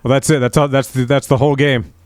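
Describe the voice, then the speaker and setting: A man co-hosting a podcast, crude and quick to laugh in casual movie talk. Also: medium pitch, little pitch movement, a little mellow, no echo. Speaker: podcast co-host. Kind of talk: casual chat.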